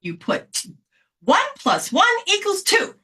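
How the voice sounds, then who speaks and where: A woman teaching an informal spiritual healing lesson, animated and casual, acting out little scenes and slipping into slang and mild swearing. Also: very high-pitched, slow.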